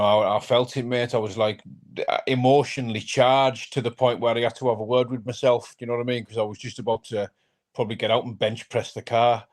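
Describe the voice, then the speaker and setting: Intense, fired-up fighter. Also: male voice, mid-range voice. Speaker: guest, professional fighter. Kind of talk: casual live-stream chat.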